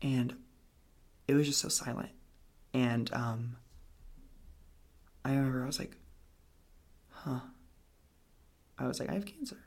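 A man's voice: mid-range voice, flat delivery, slow, pauses often, darkish tone. A young man telling a personal story in a casual, rambling way, full of "like" and "um" fillers. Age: young adult. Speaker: guest telling his story.

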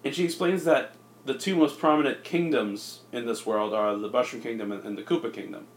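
A man talks at a middle pitch in a loose, rambling way, full of "like" and restarts, as he pitches a cartoon movie plot. His voice bounces off the walls of an echoey room. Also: brisk, a little hiss or hum. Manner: rambling, filler-heavy, jumps into silly voices. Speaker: podcast co-host pitching a movie. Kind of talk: casual comedic podcast chat.

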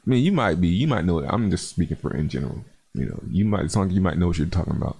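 Deep gravelly laid-back male crypto host. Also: expressive, racing, darkish tone. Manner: laid-back, chatty, calls viewers man and bro. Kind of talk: casual livestream chat reading comments.

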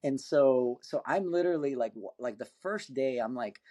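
A man's voice: medium pitch, normal speed. Rambling man telling a story. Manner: rambling, full of fillers and restarts; lively, acts out quoted voices. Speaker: podcast guest, competitive axe thrower. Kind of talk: casual anecdotal storytelling.

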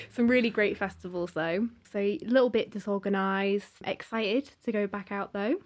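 A woman's voice: mid-range voice, fairly even intonation, unhurried. A young woman from Cheshire, a guest musician chatting casually, giggly and self-deprecating, full of "like". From Cheshire, England. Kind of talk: casual interview chat.

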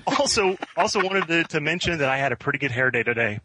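A man's voice: fairly high pitch, animated, quick pace, pushed and bright, slightly rough, no room sound. A man joining a podcast as a guest, chatting in a friendly way with lots of uhs. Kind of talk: casual podcast chat. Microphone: calling in remotely.

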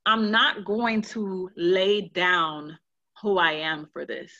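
A woman co-hosting a casual podcast chat, loud and animated, dramatic and swearing freely. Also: on the low side, slow, highs cut off. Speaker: podcast co-host.

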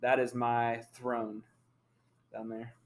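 A man's voice: mid-range voice, completely flat delivery, slow pace, a little hiss or hum. A man co-hosting a podcast in casual chat, easygoing and amused. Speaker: podcast co-host.

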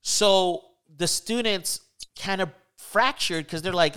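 A man's voice: slow, clean tone. A man telling a story in casual chat on a podcast, acting out the people he quotes with sudden jumps in his voice. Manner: animated storyteller, acts out quotes with pitch jumps.

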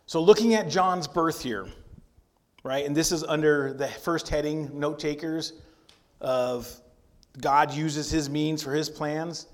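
Guy preaching, casual and chatty, bit of a higher voice, tosses in jokey asides. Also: measured pace. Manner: conversational preaching with playful asides. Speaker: pastor. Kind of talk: sermon.

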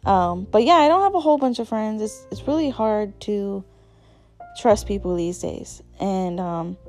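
A woman's voice: medium pitch, measured pace, darkish tone, soft background music. Candid chatty woman podcaster. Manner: chatty, candid, many fillers and restarts. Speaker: podcast host. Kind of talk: casual solo podcast chat.

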